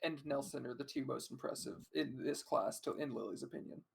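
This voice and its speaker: A player in a tabletop role-playing game who explains things in halting, numbered points. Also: mid-range voice, vocal fry, husky. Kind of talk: casual tabletop game talk.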